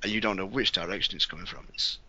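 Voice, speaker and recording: A man co-hosting a casual podcast chat, retelling game moments in an animated, vivid way. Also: low voice, fast, husky, dull audio. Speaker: podcast co-host.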